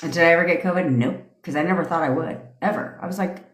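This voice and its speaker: A woman's voice: low-pitched, quick pace, echoey room. A woman hosting a casual live stream as a manifestation coach, ranting in a brash, profane way and laughing through her tangents.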